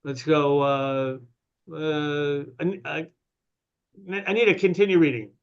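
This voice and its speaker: A man's voice: on the high side, steady tone, takes it slowly, clear, resonant tone. A man leading an online study class, calling on people to read aloud and asking them questions, with lots of fillers. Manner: calls on students to read, asks questions, fillers. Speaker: class leader. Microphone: video call. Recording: slightly muffled video call audio.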